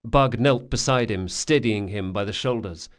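A man reading a fantasy audiobook in steady, measured scripted narration. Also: on the low side.

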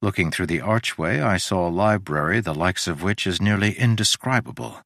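Male story narrator, low and lively, measured, dry close mic. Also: vocal fry, dry recording. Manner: measured and descriptive.

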